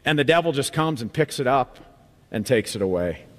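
A man preaching a sermon as pastor of a church, emphatic and animated, repeating phrases for effect. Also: mid-range voice, brisk, big-room sound. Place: church sanctuary.

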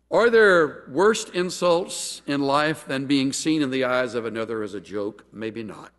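A middle-aged man preaching a sermon, telling a folksy, humorous story with animated asides. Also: mid-range voice, measured pace, few pauses, in a large hall.

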